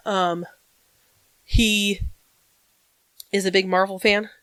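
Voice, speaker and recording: A woman co-hosting a podcast in casual chat, talking in a rambling way with frequent pauses. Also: medium pitch, fairly even intonation, fairly bright tone, no echo. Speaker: podcast co-host.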